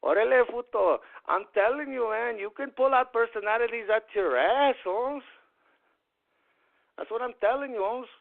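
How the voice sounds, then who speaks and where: A man's voice: very high-pitched, normal speed, gravelly. A man voicing a swaggering, slang-talking street tough who taunts his listeners, on phone-like radio audio. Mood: taunting.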